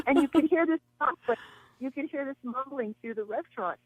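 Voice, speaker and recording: A woman appearing on a radio show tells long, chatty stories, acting out the voices of the people she quotes. Her high voice is husky and brisk, heard without echo over a tinny phone line.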